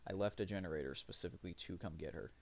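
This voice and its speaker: A man's voice: low-pitched, racing. A man streaming live, rambling through profane, self-mocking commentary as he plays.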